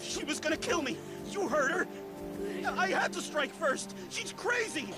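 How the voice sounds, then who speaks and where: An actor voicing an obsessive male lion villain in an animated series, with pleading, possessive speech. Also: very high-pitched, measured pace. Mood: frantic. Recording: animated clip with loud music.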